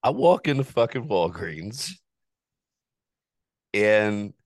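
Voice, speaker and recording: A man hosting a podcast, telling a story in a casual, profane, animated way and laughing often. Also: on the low side, slow, no room sound, studio quality. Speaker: podcast host.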